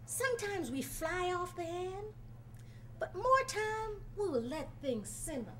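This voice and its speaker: High, lively woman storyteller. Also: noisy background. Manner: dramatic, playful, talks directly to the audience. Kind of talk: live folk storytelling performance. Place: college event before a live audience.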